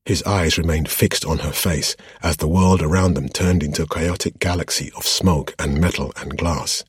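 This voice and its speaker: A man narrating a fantasy novel as an audiobook in a steady, measured way. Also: extremely low pitch, slightly rough, no room sound, studio quality.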